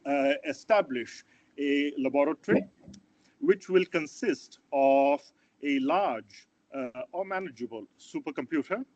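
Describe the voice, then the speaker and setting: A man giving an online startup pitch, earnest and hesitant, with frequent fillers and restarts. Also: no echo. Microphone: video call. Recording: dull, dry video call audio.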